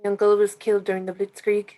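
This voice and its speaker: A composed young woman who runs a cinema answers in flat, guarded phrases that give nothing away, read by a woman at a script reading. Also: mid-range voice, fast, close to an everyday voice. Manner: terse, flat, careful answers.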